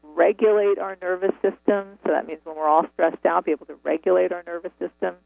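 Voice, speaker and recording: A woman's voice: lowish voice, steady tone, brisk, creaky, no room sound. A woman author telling her story earnestly and reflectively in a phone interview, over a tinny phone line. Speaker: author and guest.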